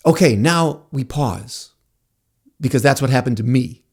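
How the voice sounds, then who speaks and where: A man hosting a podcast, telling a personal story in a casual, animated way, laughing often and acting out what people said. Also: medium pitch, moderate pace, slightly rough. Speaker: podcast host, martial arts instructor.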